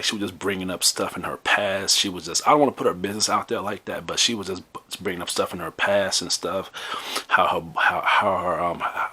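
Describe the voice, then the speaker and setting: A man's voice: sits low, pushed and bright, breathy edge. A man hosting a podcast, telling a personal story in a rambling, conversational way full of restarts. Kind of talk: casual storytelling monologue.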